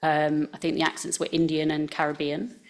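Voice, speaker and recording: Woman presenter, near-RP accent, deep voice with vocal fry, chatty delivery with plenty of ums. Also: monotone, brisk. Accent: near received pronunciation English. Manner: conversational, with frequent fillers. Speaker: speaker giving a talk to scientists. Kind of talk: presentation talk. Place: talk venue.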